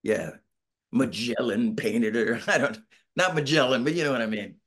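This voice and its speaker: A man's voice: medium pitch, normal speed, fairly bright tone. A middle-aged man talking casually on a video call from home, telling a rambling story and acting out quotes. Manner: rambling storyteller, acts out quotes, self-deprecating. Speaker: band member, interview guest. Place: home, Northern California.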